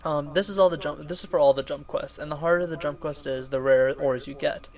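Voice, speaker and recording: A young man co-hosting a casual gaming podcast, relaxed, rambling and jokey. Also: on the high side, fast, rough recording. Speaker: podcast co-host.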